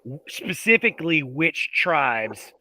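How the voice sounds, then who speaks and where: A man's voice: on the high side, very animated, takes it slowly, pushed and bright, no echo, poor audio. A man in casual group chat, telling things in a rambling way with many fillers.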